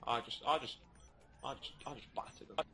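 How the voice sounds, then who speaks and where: A man playing a co-op game with a friend, teasing him in relaxed, laid-back chat. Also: mid-range voice, brisk. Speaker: co-player. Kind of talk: casual co-op gaming commentary. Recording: clear background noise.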